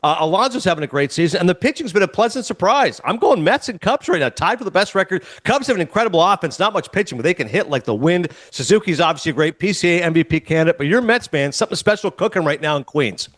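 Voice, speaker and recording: Excitable sports guy guest on a pod, talks super fast, high lively voice. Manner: fast, excitable, acts out quotes. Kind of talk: animated storytelling on a podcast.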